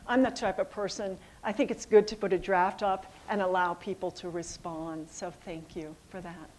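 A middle-aged woman, a college dean, answering audience questions in a hall, a little hoarse and pausing with ums and uhs. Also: fairly low pitch, fairly even intonation, darkish tone. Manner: thoughtful, with frequent ums and uhs. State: losing her voice a little. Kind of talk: public address with audience Q&A. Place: assembly hall.

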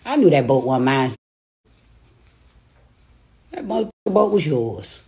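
In a profane livestream rant from her rented home, a woman taunts and laughs between insults, speaking on her phone. Her bass voice has a darkish tone and big pitch swings, and she takes her time.

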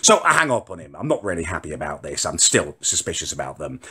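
A man's voice: sits low, sing-song, fast talker, bright, forceful tone, far from the mic. A man ranting indignantly to camera in a comic monologue, swearing as he tells his story. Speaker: character comedian ranting to camera. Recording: echoey room.

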